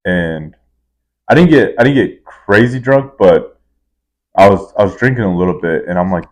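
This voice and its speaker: A young man with a lower voice co-hosts a casual podcast. He tells his stories in a relaxed way and lets them stretch out. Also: moderate pace. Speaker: podcast co-host. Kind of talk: casual chat.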